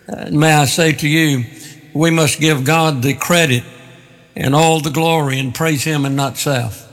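A man's voice: fairly high pitch, steady tone, unhurried, fairly bright tone. A male pastor preaching a sermon with an emphatic, repetitive cadence, recorded in a church sanctuary. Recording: long hall reverb.

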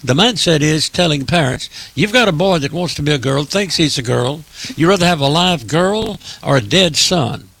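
Gravelly emphatic preacher-commentator man. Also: fairly high pitch, lively intonation, moderate pace, fairly bright tone, no room sound. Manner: emphatic, repetitive, preacherly address.

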